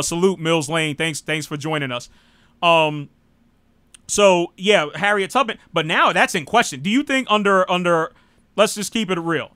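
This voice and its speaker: Brief: American male talk host, high bright voice, dry close sound, rambling and blunt. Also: dry recording. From United States. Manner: rambling, frequent "you know", blunt and irreverent. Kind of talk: casual live political talk.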